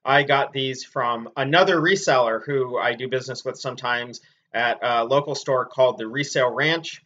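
A man casually reviewing clothes and shoes he has sold, in a chatty, relaxed way with many ums and uhs. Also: medium pitch, moderate pace. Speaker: clothing reseller. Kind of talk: casual product review vlog. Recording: dull lo-fi sound.

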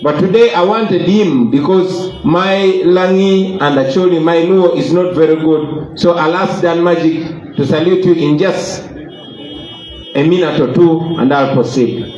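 A man's voice: fairly high pitch, measured pace, darkish tone. A man with a Ugandan accent giving an emphatic political speech to supporters, repeating his key phrases. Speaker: party leader addressing supporters. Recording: echoey room, dull lo-fi sound, faint noise.

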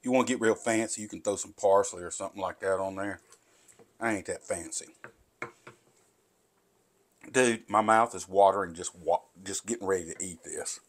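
A man's voice: deep voice, normal speed, pauses often. A man, hosting a casual home cooking tutorial in a folksy, chatty way. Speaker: cooking show host. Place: home kitchen.

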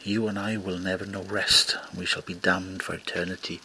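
A cold dead corpse, as a man puts him on, breathing out each slow, hushed demand in a low, gravelly whisper. the voice sits deep and rasps at the edges, with faint ambience behind. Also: flat delivery, a little hiss or hum, full character voice, poor audio. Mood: eerie whisper.

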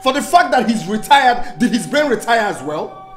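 A man's voice: very high voice, big pitch swings, moderate pace, reverberant, faint music behind. An indignant young Nigerian father. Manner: indignant, emphatic, repeats himself. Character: young father fighting in-laws for his son.

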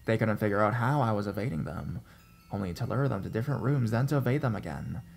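Gravelly man narrating a horror story. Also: on the low side, animated, slight background noise. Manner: measured, suspenseful storytelling. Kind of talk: scripted first-person narration.

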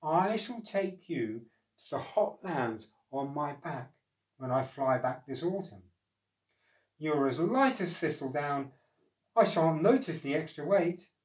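A man reading a storybook aloud, voicing a kind male thrush who speaks in a soothing, unhurried way. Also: fairly high pitch, expressive, darkish tone, roomy sound, far from the mic, low-quality recording.

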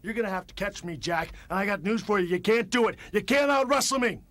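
A wrestler cutting a cocky, taunting promo, swinging from hushed slow words to shouts, from an archival TV broadcast. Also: male voice, high voice, no room sound.

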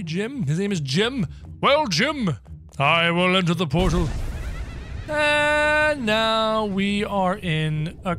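Playful man doing lively game commentary. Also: high voice, slight background noise. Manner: animated, playful, prone to sudden yelps and shouts. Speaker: gaming video creator. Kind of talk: excited gameplay commentary, in character as the game hero. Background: game music.

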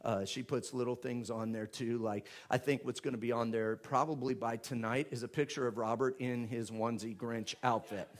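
A man, a pastor making church announcements in a chatty, joking way before rising into loud, fervent prayer. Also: medium pitch, fairly even intonation, moderate pace, hardly any pauses. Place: church sanctuary with live congregation.

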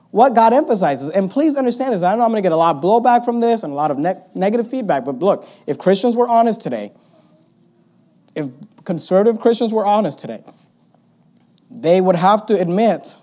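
A male pastor preaching a sermon in an animated way, swinging between loud emphatic bursts and quiet asides, with a sarcastic edge. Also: high voice. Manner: sarcastic, mocking quoted opponents in put-on voices.

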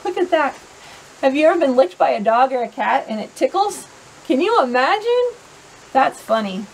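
A woman's voice: sits high, normal speed, gravelly. A woman hosting a children's storytime, reading a picture book aloud and asking her young listeners questions. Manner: bright, animated, asks young listeners questions.

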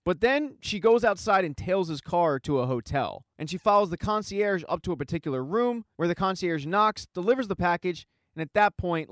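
A man's voice: high-pitched, no echo, studio quality. A man casually recapping a TV season, retelling the plot with wry asides. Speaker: TV recap host.

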